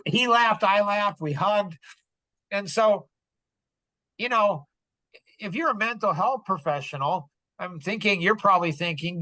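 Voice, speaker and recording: A man's voice: high-pitched, unhurried, pauses often, bright, forceful tone, no room sound. A middle-aged man telling a personal story on a podcast, earnest and rambling, full of "like" and "you know". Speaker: podcast speaker.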